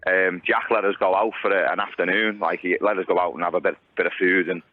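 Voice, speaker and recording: A man's voice: deep voice, fairly even intonation, fast talker, dry recording, phone-quality sound. A man, a guest on a radio show, telling a story in an easygoing way. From the Wirral, England. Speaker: guest, former footballer. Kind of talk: telling an anecdote in casual chat. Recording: radio phone-in line.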